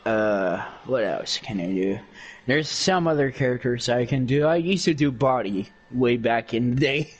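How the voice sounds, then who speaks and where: A young man chatting during a game and boasting about his impressions, rambling with plenty of fillers. He talks slowly, with a lively rise and fall in his mid-range voice. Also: medium pitch, dull audio. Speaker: game streamer doing impressions. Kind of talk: casual gaming chat.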